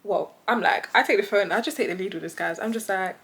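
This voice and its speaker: A young British woman vlogger telling a story casually, animated and laughing often, acting out the voices of the people in it. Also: medium pitch, fast.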